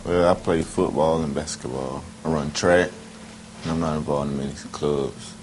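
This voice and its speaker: A teenage boy with a very deep voice, answering questions in brief, shy replies. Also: steady tone, normal speed, a little mellow, slight background noise, poor audio. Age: teens. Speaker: student interviewee.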